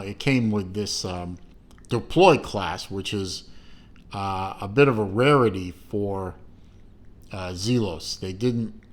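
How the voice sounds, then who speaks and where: A middle-aged man talks through a watch unboxing at a very slow, unhurried pace, in a somewhat low voice. He rambles with plenty of fillers and self-corrections, throwing in dry jokes at his own expense. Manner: dry self-mocking asides. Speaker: watch reviewer. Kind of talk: casual unboxing review.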